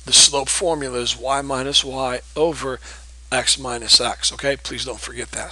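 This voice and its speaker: Bright, husky male math teacher. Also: medium pitch, steady tone, moderate pace, low-quality recording. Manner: patient, repeats key points with checks like "okay?". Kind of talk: recorded geometry lesson.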